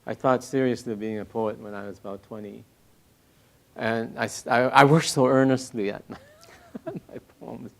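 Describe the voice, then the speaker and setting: Older male interviewee, reflective, stop-start phrasing with soft laughs, mid-pitched voice. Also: steady tone. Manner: halting, many restarts, soft laughs. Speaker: poet and critic interviewee.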